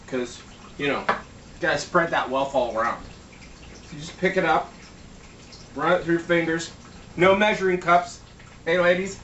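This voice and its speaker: A man's voice: a little high, moderate pace, long pauses, sharp tone, highs cut off, slight background noise. A man giving a casual cooking demo in his home kitchen, joking around and swearing freely. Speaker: home cook. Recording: echoey room, mic at a distance.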